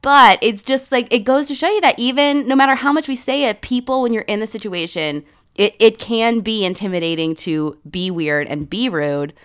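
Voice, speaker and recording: A woman's voice: a little high, moderate pace, clean tone. Chatty woman telling a story. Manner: animated storytelling, quoting others, many fillers. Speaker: podcast co-host. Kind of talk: casual chat.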